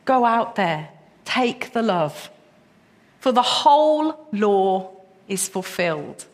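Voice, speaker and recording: A woman's voice: mid-range voice, very animated, slow pace. A woman preaching a sermon, passionate and emphatic, her voice rising into repeated questions. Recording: long reverb of a hall.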